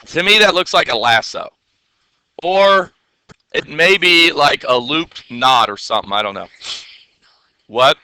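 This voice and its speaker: A man leads a classroom lesson on software, talking casually and checking in with his students again and again. His voice sits a little high and is very bright and clean. The sound is dry and close. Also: animated, a little slow, pauses often, smooth, no echo. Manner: chatty, asks the class questions, playful asides. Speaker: teacher.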